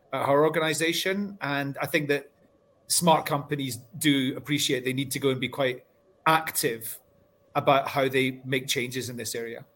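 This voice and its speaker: A man raised partly in Scotland speaks on a panel, his voice sitting a little higher than most men's. He talks in a chatty, animated way, often restarting his sentences as he goes. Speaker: panel guest. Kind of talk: casual panel discussion.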